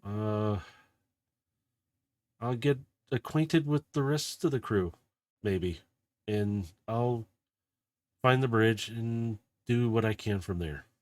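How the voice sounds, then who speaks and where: A man voicing a serious, caring female robot ally in a tabletop game, quiet and earnest. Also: on the low side, takes it slowly, long pauses, no echo.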